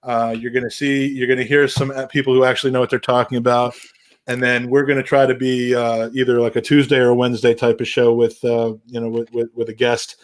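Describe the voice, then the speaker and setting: A man talks loosely as a podcast host. He stumbles and restarts often and throws in dry jokes. His voice sits at an ordinary middle pitch. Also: little pitch movement, fairly quick. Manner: rambling, many restarts, wry humor. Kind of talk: casual podcast chat.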